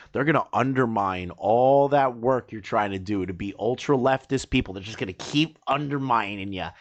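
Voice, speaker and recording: A male commentary streamer reacts to a video, rambling, mocking and cursing, then suddenly breaking into loud, high-pitched outbursts.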